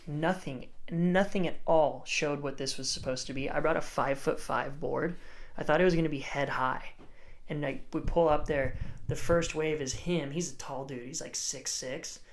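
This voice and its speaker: Laid-back man telling a surf story. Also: a little high. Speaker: guest, surfer and surf coach. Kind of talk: casual storytelling in a podcast interview.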